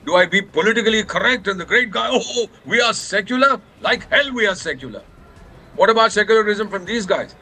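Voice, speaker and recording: A man's voice: high voice, lively intonation, fast, sharp tone. An older man with an Indian English accent speaking as a news panel guest, impassioned and indignant, slipping into Hindi phrases. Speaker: panel guest, former ambassador. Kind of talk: heated panel debate.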